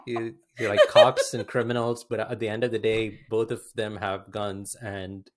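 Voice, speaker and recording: A man co-hosting a film podcast, talking casually with halting starts and frequent fillers. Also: lowish voice, huge pitch swings. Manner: halting, many fillers and restarts. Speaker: podcast co-host.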